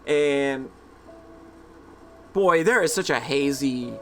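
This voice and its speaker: A man hosting a let's play, reading a visual novel aloud and breaking in with animated, exclamatory asides. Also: mid-range voice, takes it slowly, soft background music.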